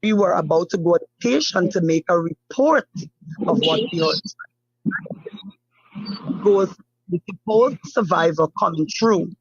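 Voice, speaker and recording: A woman whose husband is a missing fisherman recounts events in an interview, halting and repeating herself with many fillers. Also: on the low side, lively intonation, husky, dull audio. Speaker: family member of a missing fisherman, interview guest. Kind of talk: emotional first-hand account in an interview.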